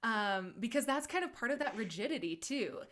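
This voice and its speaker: A woman's voice: a little high, lively intonation, a little fast, fairly bright tone. A woman hosting a podcast interview, a wellness coach chatting casually and laughing along with her guest.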